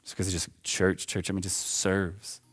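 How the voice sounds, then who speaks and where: A young man with a low voice preaches in a church, pushing his lines up with fervor. Between the peaks he slips into a loose, conversational storytelling tone. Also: level tone, normal speed, fairly bright tone, husky. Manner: impassioned, rising and falling preaching with casual asides. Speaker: pastor. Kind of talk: sermon. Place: church auditorium.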